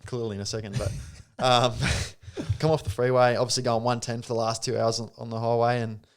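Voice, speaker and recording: Animated young Australian man telling a story. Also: medium pitch, brisk. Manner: animated storyteller, laughing, acting out quotes. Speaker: podcast guest. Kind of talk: casual storytelling.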